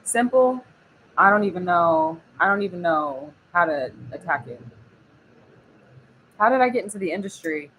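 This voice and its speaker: A woman's voice: fairly low pitch, expressive, normal speed, long pauses, fairly bright tone, a little hiss or hum, poor audio. A young woman from Oklahoma chatting casually on a live stream, laughing often and reading the chat aloud. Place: home studio.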